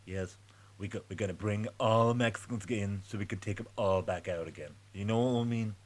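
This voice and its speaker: A boastful older politician rattles off grand promises in a low, soft-spoken bluster, done by a man. The voice stays close to the performer's own still heard. It is an offhand impression, not a polished one. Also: fairly quick, close to an everyday voice. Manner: brash campaign-promise bluster.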